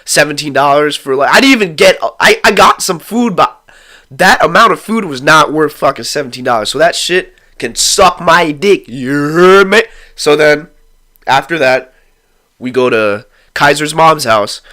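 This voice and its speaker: A young man tells a story, loose and rambling, with heavy swearing and excitable retellings. His voice sits a little high and comes across sharp and bright. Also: normal speed. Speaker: vlogger telling a story. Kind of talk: profane casual storytime.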